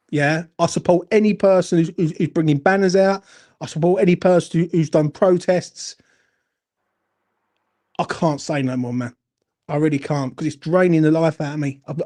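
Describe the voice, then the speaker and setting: A man's voice: sits high, darkish tone. A man ranting angrily and emotionally about his football club as a fan channel host, swearing and repeating himself. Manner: angry, emotional, sweary, repetitive. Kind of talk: impassioned fan rant.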